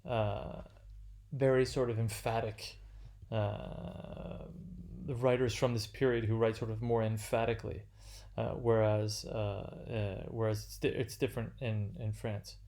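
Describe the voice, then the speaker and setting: A man giving an unscripted literature lecture, halting and full of fillers and restarts. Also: lowish voice, little pitch movement, mellow.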